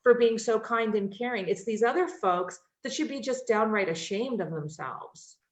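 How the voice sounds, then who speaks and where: A woman's voice: fairly high pitch, moderate pace, reverberant. A woman hosting a talk show, speaking in long winding sentences that often end with "right?". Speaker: host. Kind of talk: casual conversation on a talk show.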